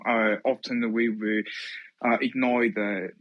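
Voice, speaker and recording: A man whose first language is Chinese practices English in a casual chat. He is insistent and often repeats himself. His mid-pitched voice comes through a muffled line. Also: level tone, slow. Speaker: caller.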